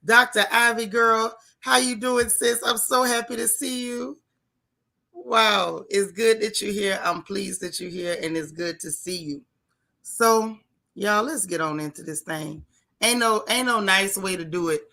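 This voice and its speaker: Gravelly, bright-voiced woman livestream host. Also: mid-range voice, a little slow. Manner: warm, chatty, Southern-Black-American vernacular, stretches greetings. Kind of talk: casual livestream chat greeting viewers.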